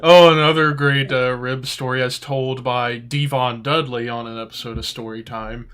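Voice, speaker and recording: A man co-hosting a podcast, telling stories in a casual chat, animated and often laughing as he acts out voices. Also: mid-range voice, moderate pace, clean tone. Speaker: podcast co-host.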